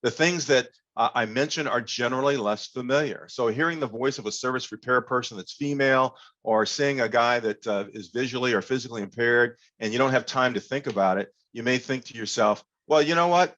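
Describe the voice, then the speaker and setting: Male workshop speaker on a video call, animated and engaging, medium voice, slightly muffled audio. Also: medium pitch, brisk, hardly any pauses. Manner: animated, engaging, leads audience call-and-response. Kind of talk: interactive online workshop talk.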